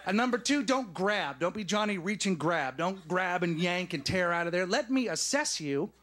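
A man in his late thirties doing a stand-up comedy set, animated and emphatic, with punchy asides. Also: sits high, normal speed, crowd noise. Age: 30s. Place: studio stage before a live audience.

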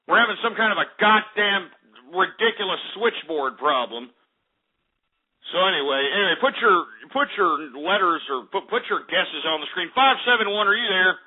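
A man's voice: high voice, lively intonation, moderate pace, breathy edge. A man hosting a call-in radio talk show, ranting and swearing in exasperation. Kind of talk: angry call-in show rant. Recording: tinny phone-quality internet radio with music.

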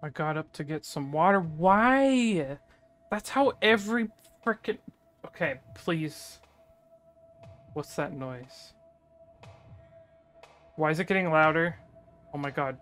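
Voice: medium pitch, slow, long pauses, a bit bright, soft background music. A gaming channel host talking through a horror game playthrough, chattering nervously and breaking into panicked yelps.

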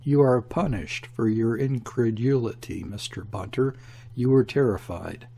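Man voicing a solemn, earnest, credulous sea captain for a storybook, husky voice. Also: medium pitch, measured pace, dark tone.

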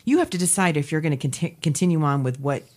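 Woman, podcast co-host, low voice, animated, chatty, emotional. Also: fast. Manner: chatty and emotional, acts out quotes. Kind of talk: casual chat.

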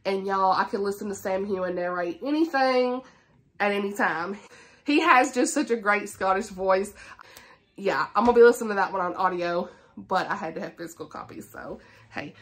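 Woman in her 30s, a chatty book vlogger who is quick to laugh. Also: medium pitch. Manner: chatty and enthusiastic, laughs often. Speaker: booktuber. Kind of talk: casual book chat to camera.

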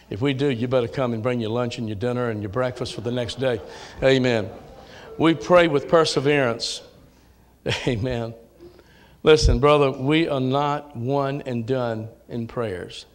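In a church sanctuary, a pastor with a Southern US accent preaches a folksy sermon. He drops into low asides and then rises to shouted calls.

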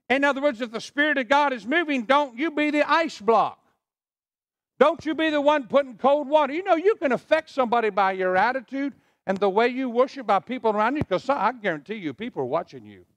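A middle-aged man preaching in a church, his voice riding high and swinging widely in pitch. He leads the congregation to repeat phrases back to him. The sound is close and dry. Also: expressive, fairly quick, fairly bright tone, no echo. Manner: preaching with call-and-response to the congregation. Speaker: pastor. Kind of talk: sermon. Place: church sanctuary.

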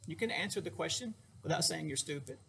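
A middle-aged man with a fairly high, heavily gravelly voice gives a casual lecture as a therapist. He talks in a folksy, joking way, speaking straight to his listeners. A faint hiss of noise sits under the recording. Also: expressive, fast, a bit bright.

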